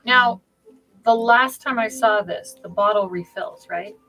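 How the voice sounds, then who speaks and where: A woman's voice: mid-range voice, a little slow, bright, forceful tone, faint music behind. A woman sits in on a tabletop game as a player. She speaks in a plain, questioning way, pressing for details in character. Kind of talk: tabletop game role-play.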